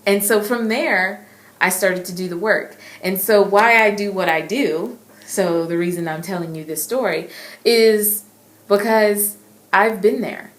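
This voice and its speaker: A young adult woman earnestly recounting a personal faith testimony, emotional and halting, with frequent repeats. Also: medium pitch. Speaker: inspirational vlogger. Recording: echoey room with faint ambience.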